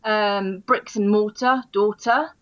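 A woman from London with a London accent, chatting as a podcast guest, talking in quick bursts with frequent restarts and laughs. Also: medium pitch, steady tone, no room sound, muffled recording. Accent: London English. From London, England. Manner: chatty, self-interrupting, laughs often. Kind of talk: casual podcast chat.

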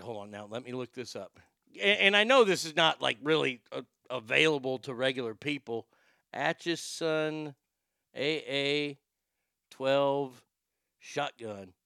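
A man giving crude, excitable casual commentary as he reacts to videos. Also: on the high side, creaky, clear, resonant tone, no room sound, clean studio sound.

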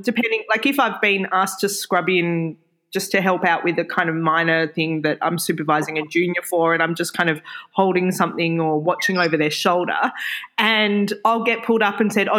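A woman in her forties from Australia, co-hosting a podcast in casual chat, talking in an animated, frank way with mild swearing. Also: mid-range voice. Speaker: podcast co-host.

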